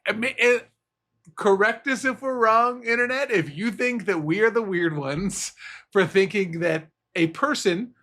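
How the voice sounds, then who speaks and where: A man's voice: high voice, unhurried, fairly bright tone. A man co-hosting a podcast, chatting casually in a rambling, goofy way with frequent tangents. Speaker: podcast co-host. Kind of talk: casual chat.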